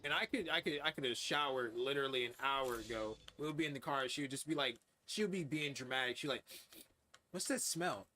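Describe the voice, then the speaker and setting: Candid, cursing young man with a bright voice. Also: medium pitch, fast talker, hardly any pauses, slight background noise. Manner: candid, profane, rambling with many fillers. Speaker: gaming streamer. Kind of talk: casual chat while livestreaming.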